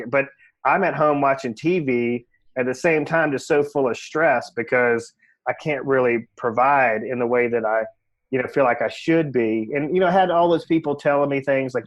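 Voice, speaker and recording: A man's voice: medium pitch, normal speed. A man who works as a real estate agent, a podcast guest telling his own story candidly and reflectively, leaning on "you know" fillers. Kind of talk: casual interview storytelling.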